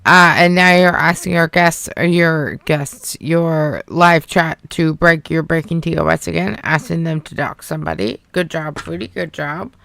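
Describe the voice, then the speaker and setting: A woman's voice: deep voice, fairly even intonation, normal speed, vocal fry, few pauses, a bit bright, dry recording. A woman hosting a reaction video, making sarcastic remarks over a stream clip. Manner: sarcastic, dry quips. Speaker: reaction channel host. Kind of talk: reaction commentary.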